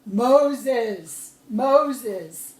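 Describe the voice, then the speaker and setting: The solemn voice of God from a burning bush, as a woman voices it, speaks in slow, firm commands. The storybook reading rings in an echoey room. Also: fairly high pitch, steady tone, a little mellow, close to an everyday voice. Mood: commanding.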